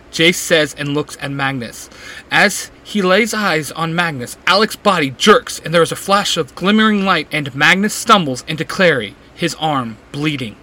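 A man's voice: a little high, expressive, moderate pace, sharp tone, poor audio. A man narrating a fan fiction story aloud, reading steadily and acting out the dialogue. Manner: reads steadily, acts out the dialogue.

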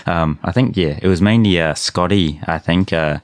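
A man's voice: sits low, normal speed, dry recording. A man hosting a podcast who works as a translator, chatting in an easygoing way with plenty of "um" and "uh". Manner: easygoing, hesitant with many "um" and "uh" fillers. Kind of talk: casual chat.

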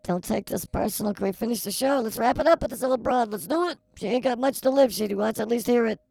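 Woman doing a sassy sidekick, blunt teasing wisecracks, comedy sketch, gravelly fry, dry sound. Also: on the high side, fast, dark tone, dry recording. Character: sassy wisecracking female psychic-show sidekick. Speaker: comedy show co-host.

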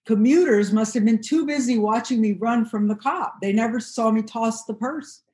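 A woman reading her own first-person memoir aloud in a steady, measured storytelling voice. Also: on the high side. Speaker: narrator.

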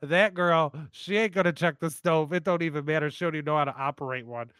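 Guy doing gruff old gramps, sloppy grammar, dry close mic. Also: a little high, fast talker, fairly bright tone, dry recording, lightly acted. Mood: scheming. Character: gruff old grandfather who sneaks smokes.

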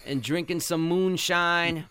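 A man's voice: fairly high pitch, fairly even intonation, takes it slowly, bright, forceful tone, smooth. A man hosting a podcast, giving passionate, sarcastic sports commentary. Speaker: podcast host.

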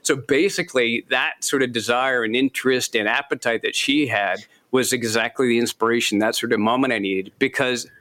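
A man, an author being interviewed, telling stories in a lively, self-deprecating way and laughing often. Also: medium pitch, brisk, hardly any pauses. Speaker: author guest. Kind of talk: casual interview chat.

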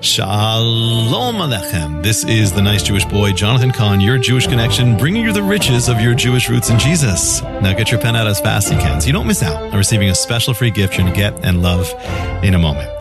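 Low-ish guy doing a radio sermon spot, tells a story then pushes free gifts hard. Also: lively intonation, fast talker, over loud music. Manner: warm storytelling with emphatic sales-pitch offers. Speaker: radio preacher. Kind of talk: scripted devotional broadcast.

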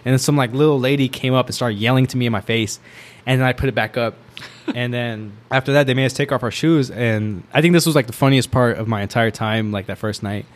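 A man's voice: medium pitch, quick pace. Man telling a rambling story. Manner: rambling, filler-heavy, laughs while telling. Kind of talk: casual storytelling.

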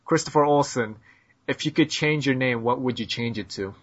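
A man's voice: mid-range voice, normal speed, breathy edge. An American man hosts a casual podcast chat, reading out listener questions in a blunt, teasing way and laughing often. His voice sits in an ordinary middle range. The recording sounds dull and lo-fi. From United States. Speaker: podcast host.

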